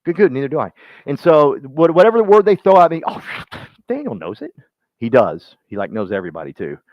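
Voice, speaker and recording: A man's voice: mid-range voice, very animated, quick pace, no room sound. A man leading his team in a motivational talk, folksy and rambling, calling on listeners by name. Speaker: team leader speaking to his real estate agents. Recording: dull lo-fi dry sound.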